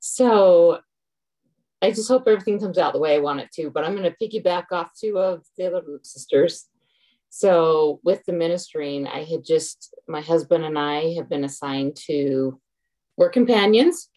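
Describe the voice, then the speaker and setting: Low-voiced, frank middle-aged woman. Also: normal speed, dark tone, poor audio. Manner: frank, exasperated storytelling. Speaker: group member sharing. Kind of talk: casual personal sharing.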